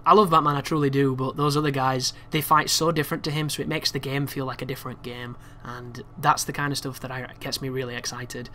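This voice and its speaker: A young man giving casual, chatty commentary over a video game walkthrough, excitable and swearing freely. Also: medium pitch, fast talker, hardly any pauses, a little hiss or hum. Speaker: gameplay commentator.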